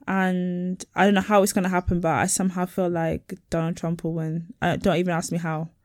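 A woman's voice: lowish voice, flat delivery, fairly quick, a little mellow, no room sound, clean studio sound. A woman co-hosting a casual chat podcast, telling stories animatedly and acting out the people she quotes. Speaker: podcast co-host.

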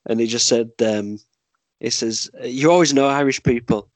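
A chatty Yorkshire man talks in loose, rambling stories, dropping swear words and laughing along the way. His voice sits at an ordinary middle pitch for a man. The sound is close and dry, with no room around it. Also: normal speed, no room sound. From Yorkshire, England. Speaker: podcast guest and movie podcast host. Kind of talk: casual podcast chat.

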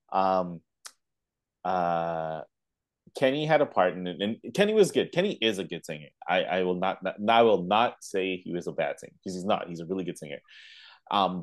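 A man co-hosting a podcast, telling animated stories in casual chat with lots of fillers. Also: lowish voice. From Canada. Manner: animated storytelling with laughs and fillers. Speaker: podcast co-host.

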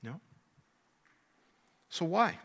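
A man's voice: extremely slow, fairly bright tone, in a large hall. A man preaching a sermon, emphatic, repeating key words and asking rhetorical questions.

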